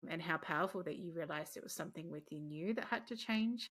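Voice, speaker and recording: A woman's voice: sits low, quick pace, slightly rough. A woman hosting a conversational interview, reflective and affirming, telling stories. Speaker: podcast host.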